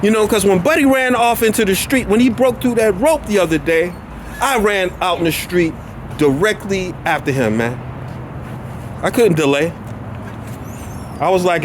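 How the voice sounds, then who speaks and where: A man's voice: high voice, animated, moderate pace, pauses often. A man vlogging while walking his dog down a neighborhood street, rambling and often losing his train of thought. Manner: laughs often. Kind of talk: casual rambling chat. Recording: noisy street with traffic.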